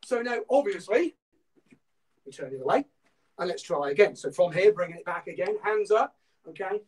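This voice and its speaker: A man's voice: sits high, expressive, normal speed, recorded from a distance, rough recording. A man with a Norfolk accent teaching an online martial arts class, breaking down punch technique step by step and checking in with "okay?" as he goes. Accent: Norfolk English. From England. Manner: instructive, peppers talk with "okay?"; shouts counts during drills.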